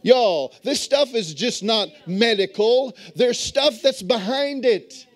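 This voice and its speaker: A man's voice: very high voice, lively intonation, takes it slowly. A man preaching a sermon as bishop, telling stories and calling on his congregation to answer back. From moved to Texas as an adult. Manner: storytelling, calls on the congregation to respond. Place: church sanctuary.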